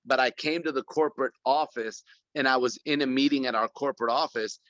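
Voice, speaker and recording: A man's voice: mid-range voice, a little fast, a bit bright, no room sound, highs cut off. Effusive man talking into his phone. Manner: rambling and effusive, many restarts. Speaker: guest speaker. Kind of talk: casual video call talk. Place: corporate office.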